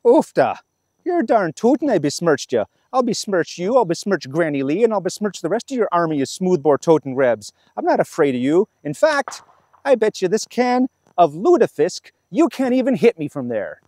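Guy putting on a cocky yankee soldier, goofy minnesota accent, high and jumpy. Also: sing-song, normal speed, darkish tone, no echo, studio quality. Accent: put-on Minnesota. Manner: brash, mocking, high-pitched jabs.

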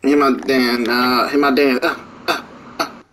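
A man's voice: medium pitch, little pitch movement, measured pace, fairly bright tone, a little hiss or hum, poor audio. A young man streaming a basketball video game, cursing and trash-talking his teammates in casual commentary. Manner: profane, joking trash talk at teammates. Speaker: gaming streamer.

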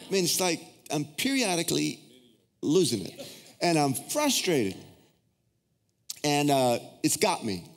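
A middle-aged man, a pastor preaching a sermon who tells personal stories and leaps into high, excited voices when acting out his prayers. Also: a little slow, vocal fry, pauses often. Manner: storytelling, swings into high excited acted-out prayers. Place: large church auditorium. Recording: reverberant hall.

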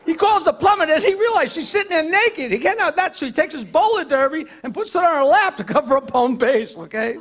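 A man's voice: very high voice, animated, brisk, few pauses, a bit bright. A middle-aged man doing stand-up on a comedy club stage, firing off jokes and cracking up at his own punchlines. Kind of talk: stand-up joke telling.

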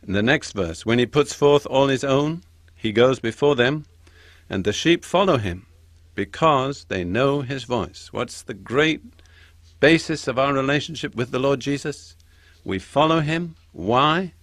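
An older man giving a Bible teaching, slowing down to stress each quoted verse. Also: mid-range voice, animated, fairly bright tone, no echo. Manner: slows down and stresses quoted scripture. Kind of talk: sermon-style Bible teaching.

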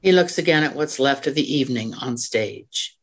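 A woman reading the stage directions of a play aloud in a plain, even way. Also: very deep voice, moderate pace, slightly rough.

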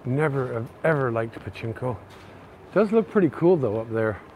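A Canadian man narrating a casual walking tour of city streets, chatty and excitable. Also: mid-range voice, normal speed. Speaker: vlogger. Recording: faint outdoor street noise. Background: faint traffic and street noise.

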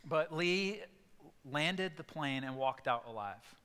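A male pastor in a church sanctuary preaches slowly and animatedly, telling stories broken by sudden acted outbursts of character voices. His voice is fairly high, a bit bright and clean, with a big-room feel.

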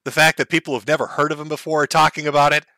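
A man's voice: on the high side, flat delivery, rapid-fire, gravelly, sharp tone, no room sound. A man hosting a livestream, giving crude, sarcastic commentary and laughing often. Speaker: livestream host.

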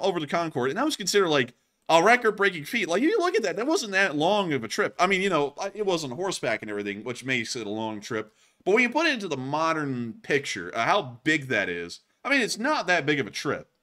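A man's voice: fairly high pitch, big pitch swings, a little fast, sharp tone. A man hosting a show, chatting casually and joking, laughing often and stumbling over his words. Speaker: news show host. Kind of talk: casual banter on a live show.

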